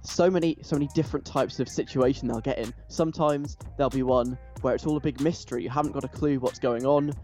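A man's voice: medium pitch, fast, few pauses, soft background music. Chatty man, gushing. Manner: animated, gushing, with frequent restarts. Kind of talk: casual enthusiastic chat.

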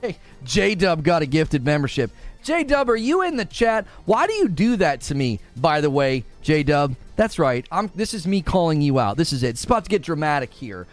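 A man hosting a casual live stream, chatting with viewers and leaping into a high, exaggerated voice when acting out others. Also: big pitch swings, moderate pace, hardly any pauses, soft background music. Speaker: livestream host.

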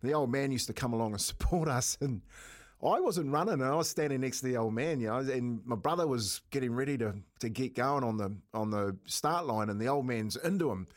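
A man's voice: mid-range voice, fairly quick. A middle-aged man with a New Zealand accent, co-hosting a radio show and telling stories casually, laughing often. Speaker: radio co-host. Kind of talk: casual storytelling.

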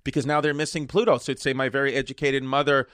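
A man's voice: medium pitch, flat delivery, fast talker, a bit bright, smooth, no echo, studio quality. A man in casual chat, curious and full of questions, often restarting his sentences. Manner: curious, asks lots of questions, talks in restarts.

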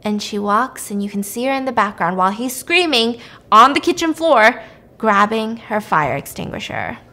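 A woman with a fairly high voice recaps a plot for her podcast. She talks casually and animatedly, slipping in and out of the characters' voices. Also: expressive, normal speed, sharp tone. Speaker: podcast host.

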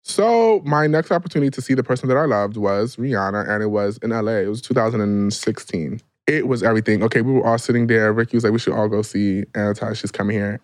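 A man from New York co-hosting a podcast, chatting casually in an expressive, slangy, dramatic way. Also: fairly low pitch, quick pace, few pauses, no room sound. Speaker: podcast co-host. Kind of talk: casual chat.

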